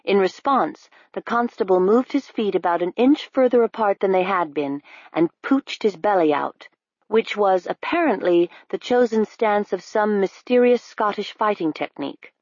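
A female audiobook narrator reads a novel in a steady, measured storytelling style as scripted narration. Her voice is medium-pitched, and the recording is dry and slightly dull, with no room sound.

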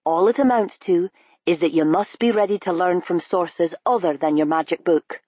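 A blunt older constable with a teacherly bite, as a woman narrator reads him. The voice sits low and husky, recorded dry and a little dull, like a home-studio audiobook. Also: normal speed, warm tone, no echo. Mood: lecturing. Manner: blunt, lecturing, sneering at times. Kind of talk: audiobook character voice.

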